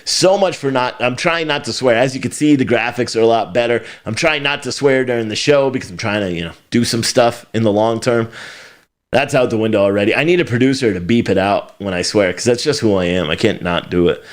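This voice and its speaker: A man's voice: mid-range voice, brisk. Sarcastic ranting male news commentator. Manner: sarcastic, ranting, laughs often, swears. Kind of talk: casual opinionated commentary.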